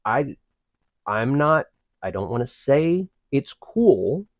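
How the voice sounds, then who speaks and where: A man's voice: mid-range voice, very animated, no room sound, narrow, tinny audio. A man co-hosting a podcast, making wry, joking comments in casual banter. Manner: wry, joking asides, slow drawl. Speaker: podcast co-host.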